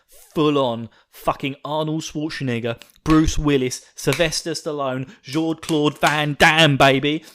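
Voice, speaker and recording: A man hosting a podcast, recapping an episode in a gushing, excitable, swearing way. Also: a little high. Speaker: podcast host.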